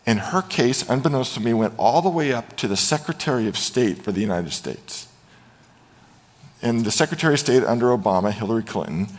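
A middle-aged man preaching a sermon as a pastor, telling stories with lively animation and acting out quoted voices. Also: lowish voice, in a large hall.

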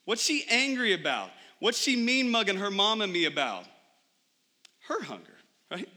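A man's voice: sits high, big pitch swings, normal speed, pushed and bright. A young adult man preaching a sermon in church, conversational, with frequent rhetorical questions to the congregation. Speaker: pastor.

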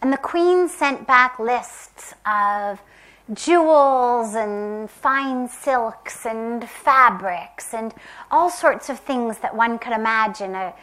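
A woman from the United States telling a spiritual parable in a soft, gentle, reflective way, sometimes dropping to a whisper. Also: on the high side. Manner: slow, gentle and reflective, with long pauses. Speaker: spiritual teacher. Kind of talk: spiritual storytelling talk.

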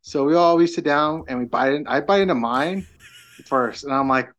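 A man's voice: fairly high pitch, normal speed, a bit bright. Rambling middle-aged man telling a story. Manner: rambling storyteller, many fillers and restarts. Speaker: podcast guest. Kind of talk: casual chat.

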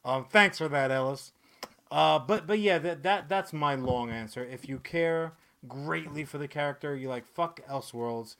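Guy cohosting a podcast, kinda high voice, rambly and sweary, jokey. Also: creaky, fairly bright tone. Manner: rambling, profane, jokey, quick bursts. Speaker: podcast co-host. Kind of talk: casual podcast chat.

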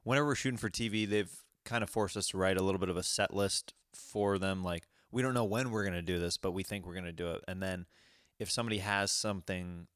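A man's voice: low-pitched, quick pace, no echo, studio quality. A man co-hosting a podcast and telling stories in casual chat, with lots of fillers and laughter. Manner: laughing, animated storytelling with many fillers. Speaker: podcast co-host.

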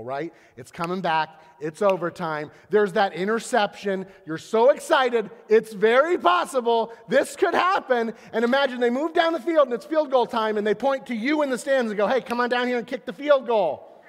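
A man delivers a sermon in a loose, conversational way, spinning everyday sports analogies into his preaching. His voice sits high for a man. The sound carries a long reverb tail, as in a church hall. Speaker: pastor.

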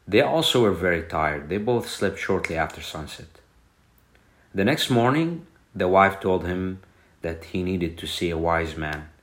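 A man narrating a bedtime story for his podcast in a calm, soothing storytelling manner. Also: deep voice.

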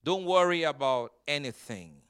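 A man's voice: fairly high pitch, expressive, a bit bright, smooth. A man preaching a sermon as pastor, leading the congregation in call-and-response and stretching out scripture word by word. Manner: drawn-out emphatic scripture reading.

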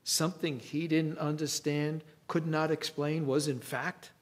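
Slow, reflective male preacher. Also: a little high, level tone. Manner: slow, reflective, with dramatic pauses. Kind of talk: sermon.

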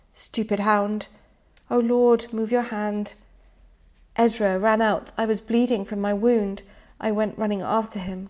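A woman reading her own poem aloud as a dramatic monologue, in a measured and intense delivery. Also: medium pitch, darkish tone. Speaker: poet reading her work. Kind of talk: poetry reading.

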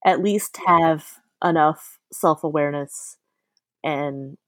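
A woman co-host in casual chat, measured and agreeable, laughing along often. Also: sits low, a bit bright, dry recording.

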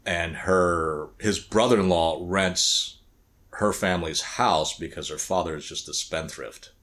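A man's voice: low-pitched, unhurried, fairly bright tone. A middle-aged man co-hosting a podcast in casual chat, often repeating words and restarting phrases while he thinks. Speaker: podcast co-host.

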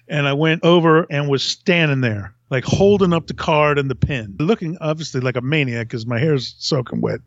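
A male podcast host telling an animated story, laughing often and swearing freely. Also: a little high, brisk, few pauses, no room sound, lo-fi sound.

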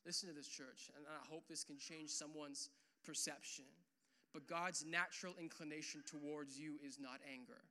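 High, bright-voiced young pastor preaching. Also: male voice, normal speed. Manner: casual, animated preaching with frequent "like" and "uh"; swells louder and higher on key points. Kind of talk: sermon.

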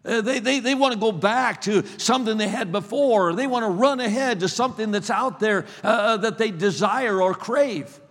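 A male preacher with a high voice delivers a sermon at a slow, emphatic pace, often repeating the opening words of a phrase before he lands it. His voice rings out with a long reverb, as if filling a large hall. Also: fairly bright tone.

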